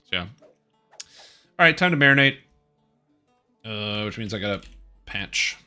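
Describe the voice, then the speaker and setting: A man's voice: on the low side, expressive, a little slow, sharp tone, clean tone, faint music behind. A man streaming a video game, chatting casually in a rambling, offhand and opinionated way. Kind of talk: casual live-stream commentary.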